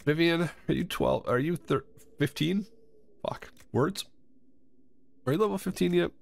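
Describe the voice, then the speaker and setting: A man's voice: a little high, animated, measured pace, vocal fry. A man giving casual let's-play commentary, rambling, swearing freely and talking to himself and the game characters. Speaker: gamer playing a video game.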